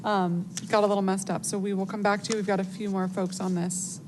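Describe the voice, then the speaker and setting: A woman council member chairing a public hearing, brisk and courteous as she calls witnesses. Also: medium pitch, flat delivery, darkish tone. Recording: hearing-room audio with clear ambient noise.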